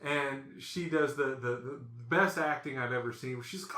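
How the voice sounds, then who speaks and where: A man hosting a podcast, telling stories in a casual, animated way and acting out the voices in them. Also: medium pitch, moderate pace, hardly any pauses, roomy sound. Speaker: podcast host. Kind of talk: casual storytelling chat.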